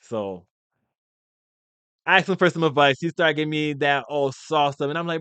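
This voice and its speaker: A man, talking in a blunt, opinionated, casual rant. His voice sits a bit high and sounds smooth and clear. The room adds almost no echo, so he sounds dry and close. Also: normal speed, long pauses, fairly bright tone. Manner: blunt, opinionated, rambling with restarts. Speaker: commentary video host.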